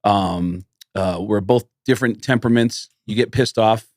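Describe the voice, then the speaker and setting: A middle-aged man, a comedian co-hosting a podcast, chatting casually and telling stories with lively put-on voices. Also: moderate pace, no room sound, studio quality. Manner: animated, jumps into high quoted voices when retelling stories. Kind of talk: casual chat, storytelling.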